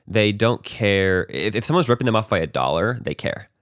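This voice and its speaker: A man's voice: lowish voice, moderate pace, no room sound, studio quality. A man hosting a podcast, telling a personal story in loose, casual talk, often tagging his sentences with "right?". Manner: loose and conversational, peppered with "like", "right?" and "bro"; animated, acting out his own past panic. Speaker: podcast host.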